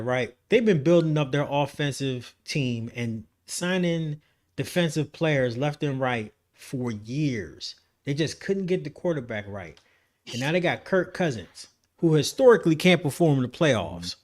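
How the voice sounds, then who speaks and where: A man's voice: a little high, animated, measured pace. A man co-hosting a sports podcast in casual chat, blunt and emphatic with heavy swearing.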